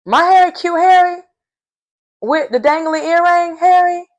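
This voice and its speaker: A woman voicing a gushing young woman in a high, squealing, disbelieving tone. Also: measured pace, dull audio. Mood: incredulous gushing.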